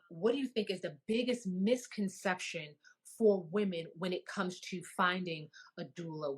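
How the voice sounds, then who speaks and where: A woman's voice: on the low side, a bit bright, slightly rough. A woman hosting a live online interview, effusive and emotional, often repeating herself. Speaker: host of a live business show.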